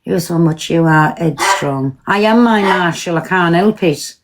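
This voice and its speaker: This woman has a lowish voice and an unhurried pace, broadcasting a home live stream over a noisy background. She's blunt and foul-mouthed in a casual way, responding directly to commenters.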